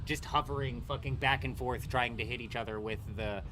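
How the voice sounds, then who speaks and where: A young gaming streamer rants and swears in frustration at a game's combat mechanics during live gameplay commentary. His medium-pitched voice is steady and fairly quick, with background noise behind it.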